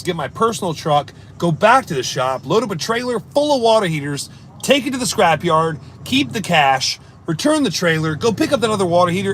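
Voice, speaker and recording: A man's voice: high-pitched, a bit bright, a little hiss or hum. A man telling a long story on a casual live stream, acting out his own thoughts as he rambles through it. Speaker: livestreamer reading chat.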